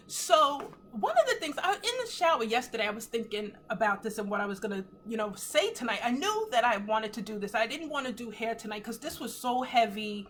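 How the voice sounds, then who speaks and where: A woman in her fifties giving an earnest, emotional testimony on a live stream from home, teary at times, with animated swings in pitch. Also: brisk, slight background noise. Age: 50s. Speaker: host of a faith livestream. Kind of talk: casual live talk, testimony.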